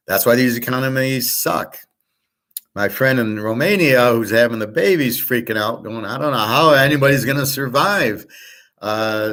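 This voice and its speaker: A man's voice: mid-range voice, a bit bright. A man hosting a casual monologue, talking bluntly and rambling, with the odd swear word. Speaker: host.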